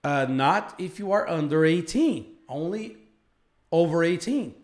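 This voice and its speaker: A man's voice: fairly high pitch, lively intonation, a little slow. Man playing a polite young Brazilian student. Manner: polite, earnest answers.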